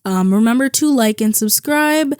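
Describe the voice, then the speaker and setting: A woman's voice: fairly high pitch, animated, normal speed, darkish tone, smooth, no room sound, studio quality. A young woman vlogging a casual, rambling movie review, tired and chatty, full of "like" and "um".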